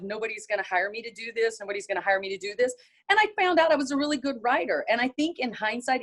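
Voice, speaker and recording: A middle-aged woman with a Southern US accent, her voice sitting a little high for a woman. She is a guest on an interview show, recounting her television career in an animated way and slipping into the voices of the people she quotes. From North Carolina. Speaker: guest, television writer and presenter. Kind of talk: casual interview storytelling.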